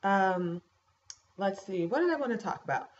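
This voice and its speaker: A young woman in a casual home vlog, chatting through a pregnancy update with plenty of fillers and lively storytelling. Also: medium pitch, normal speed. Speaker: vlogger. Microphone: laptop webcam mic. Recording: dull laptop mic with faint hiss.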